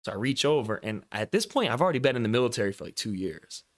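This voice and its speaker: A young man tells a story in a loose, casual chat. He swears freely and jumps into the voices of the people he is describing. His voice sits at an ordinary middle pitch. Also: big pitch swings, quick pace.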